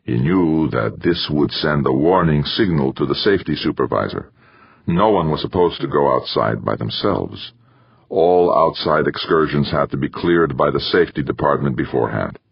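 A man narrating an audiobook in a steady, measured reading. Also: very deep voice, gravelly, slightly rough, dry recording, dull audio. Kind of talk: scripted narration.

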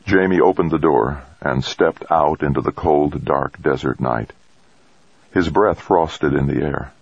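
Very deep, gravelly male narrator. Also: measured pace, no room sound. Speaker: audiobook narrator. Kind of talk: scripted narration. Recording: dull lo-fi dry recording.

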